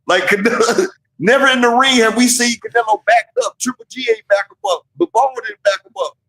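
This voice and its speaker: A man co-hosting a casual boxing live stream, telling fight stories in an animated, profane way and acting out what the fighters might have said. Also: extremely high pitch, brisk, gravelly, roomy sound, poor audio. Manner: animated, profane storytelling with acted-out quotes. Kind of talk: casual chat.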